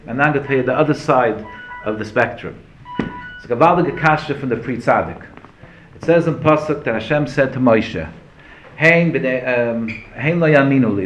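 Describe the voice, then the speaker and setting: Male rabbi, mid-pitched, lively lecturer who asks and answers his own questions, recorded in a roomy space. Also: slight background noise. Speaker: rabbi teaching a Torah class. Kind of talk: Torah class lecture. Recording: roomy echo, faint ambience.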